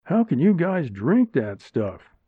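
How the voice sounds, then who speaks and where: A man's voice: fairly high pitch, big pitch swings, takes it slowly, husky, no echo, voice pushed up, exaggerated voice. A man voicing Joe, a blunt, irritable man, in a storybook reading. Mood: irritated. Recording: narrow phone-like sound, dry.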